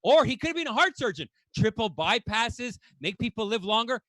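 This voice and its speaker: A man doing stand-up, with a very high, bright, forceful voice. He rants in exasperation and swears freely. The sound is dry and close. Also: sing-song, brisk, dry recording. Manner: exasperated, ranting delivery; swears casually. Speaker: stand-up comedian. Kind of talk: stand-up comedy set.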